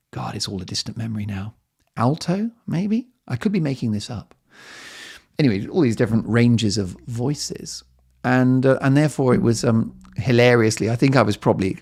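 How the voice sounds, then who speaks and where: A middle-aged man hosts a solo podcast in a mid-range, slightly mellow voice. Feeling a bit lightheaded, he tells stories in a chatty, casual monologue, mocking himself and dropping playful asides.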